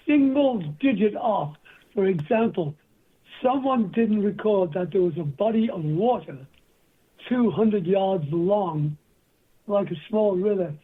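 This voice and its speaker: Older male guest, husky, anecdotal storyteller, phone-line sound. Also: high voice. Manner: rambling anecdotal storyteller, acts out quoted voices. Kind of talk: storytelling interview.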